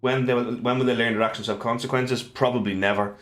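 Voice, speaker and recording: A man's voice: medium pitch, fairly even intonation, fast talker, fairly bright tone, faint music behind. An Irish man in his twenties, a game master hosting a casual livestream, recapping with jokes, fillers and restarts. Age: 20s. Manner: joking, rambling, many fillers and restarts. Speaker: game master and stream host.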